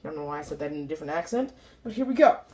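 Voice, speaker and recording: A woman casually reviewing a toy to camera in a playful, rambling way, joking with the viewers and even talking to the toy. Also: deep voice, very fast.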